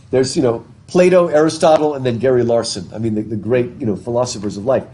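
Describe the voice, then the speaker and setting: Recorded live in a classroom through a face mask, a man with a mid-range, dark-toned voice teaches literature in a casual lecture style. He's chatty, asks his students questions, and restarts sentences by repeating words.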